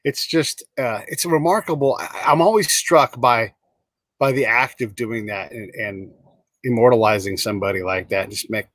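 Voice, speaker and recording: A man hosts an interview, asking questions and reflecting enthusiastically. His voice sits at a middle pitch and is recorded dry and close, with no room sound. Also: moderate pace, fairly bright tone, no echo. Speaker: podcast host. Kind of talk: casual interview.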